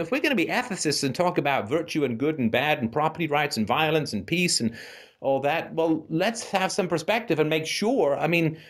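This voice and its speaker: A male talk host who rants in a casual, animated way with a fairly high voice that swoops all over. He keeps firing rhetorical questions and tagging his points with "right?" as he lectures a caller. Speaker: call-in show host. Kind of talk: casual ranting monologue.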